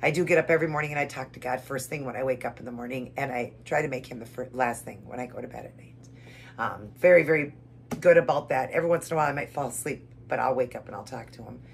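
A woman's voice: extremely low pitch, quick pace, creaky, a little hiss or hum. A woman vlogger praying and reading scripture, earnest and emotional, repeating herself as she talks to viewers at home. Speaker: keto vlogger. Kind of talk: emotional devotional vlog with prayer and eating.

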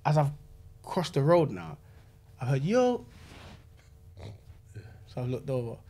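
A man with a South London accent, a podcast guest telling a lively story in casual street slang. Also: mid-range voice, moderate pace. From London, England.

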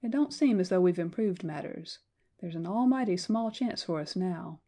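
A worn-out frontier man near death from thirst, speaking tenderly in a folksy drawl, as a woman puts him on. The voice is mellow and low-key. It comes from an audiobook reading. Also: lively intonation, moderate pace. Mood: grim.

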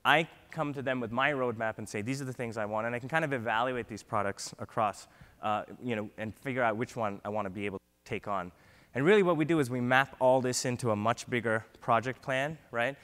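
A man giving an energetic conference keynote, often ending points with a quick "right?". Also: medium pitch. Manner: energetic, frequent "right?" tags. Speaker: keynote speaker. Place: large conference hall. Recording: long hall reverb.

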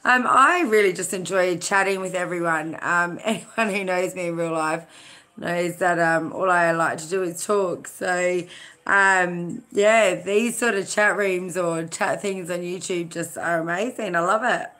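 A woman's voice: on the low side, fairly even intonation, a little slow, bright, forceful tone. A woman from Australia hosting a casual live-stream chat, chatty, greeting viewers by name with many fillers.

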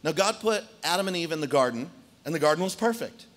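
Lively storytelling male pastor. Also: a little high, quick pace. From Arizona, United States. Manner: animated storytelling, addressing the congregation directly. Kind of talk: sermon. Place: church hall.

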